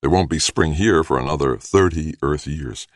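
A man's voice: very deep voice, moderate pace, no echo, clean studio sound. A man reading aloud voices a weary, troubled man in an audiobook, speaking in earnest.

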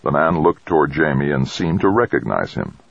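A man reading a novel aloud in a measured, steady narration. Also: extremely low pitch, gravelly, no echo, muffled recording. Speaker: audiobook narrator.

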